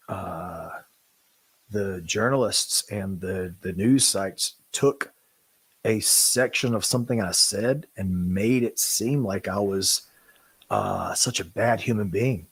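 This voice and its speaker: Man, low-pitched, husky, halting earnest apology, emotional, dry close sound. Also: expressive, no echo. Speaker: podcast host. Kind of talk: candid podcast talk.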